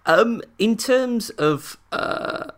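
A man interviewing, asking questions in a hesitant, halting way. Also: high-pitched, lively intonation, a bit bright.

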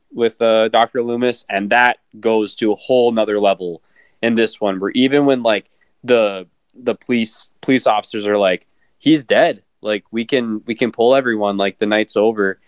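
A man's voice: fairly low pitch, clear, resonant tone, no echo. A man co-hosting a podcast who chats casually about a film, stammering, repeating words and swearing freely. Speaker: podcast co-host. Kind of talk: casual film review chat.

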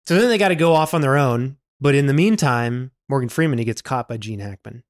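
A man co-hosting a casual podcast, retelling a film plot scene by scene. He talks at a middle pitch, swears freely and slips into the characters' lines as he goes. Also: brisk. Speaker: podcast co-host. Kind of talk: casual chat recapping a film.

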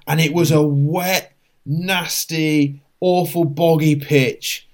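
A man's voice: fairly high pitch, fairly even intonation, slow pace. A man co-hosting a casual football podcast, rambling through asides with frequent restarts. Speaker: podcast co-host.

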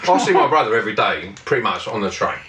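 A blunt man, swearing freely and laughing as he chats. His pitch rises and falls a lot, and he sounds a little off the mic in a roomy space with clear hiss behind him. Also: sing-song, fast talker, distant mic. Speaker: guest. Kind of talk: casual banter.

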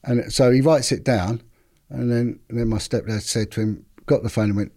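A man's voice: mid-range voice, normal speed. A man, a former detective telling stories casually on a podcast and acting out what others said. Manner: animated, repeats words, acts out quotes.

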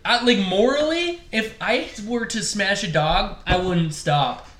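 A man's voice: high-pitched, expressive, unhurried, fairly bright tone. Male podcast co-talker, jokey and blunt, echoey room. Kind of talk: casual podcast chat.

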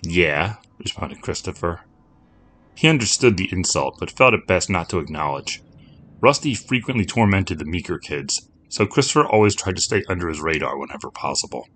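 A man reading a scripted story as narrator, in a measured, steady telling. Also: sits low, slight background noise.

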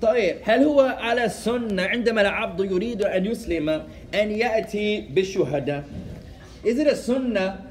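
A man giving a religious lecture, telling a story lively and acting out conversations, often adding Arabic phrases and laughing as he goes. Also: high voice, very fast, a little hiss or hum. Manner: animated, acts out dialogue, code-switches with Arabic phrases; laughs while telling stories. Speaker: Islamic teacher.

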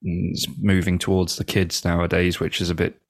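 A man's voice: sits low, level tone, moderate pace, no room sound, studio quality. A man co-hosting a podcast in casual chat, teasing and laughing often. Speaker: podcast co-host.

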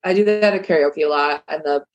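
A woman's voice: deep voice, a little fast, dull audio. A woman guesting on a podcast, chatting casually and giggling often. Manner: giggly, easygoing. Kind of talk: casual chat.

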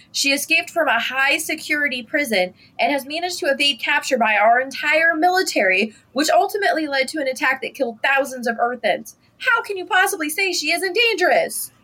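A woman's voice: sits high, pushed and bright. A woman voicing an exasperated, stern male royal adviser, reading his lines with indignation.

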